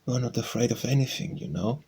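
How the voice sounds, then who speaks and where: A man's voice: medium pitch, lively intonation, fairly quick, warm tone, breathy edge. A man reading an audiobook, voicing a polite, lonely teenage boy who speaks courteously.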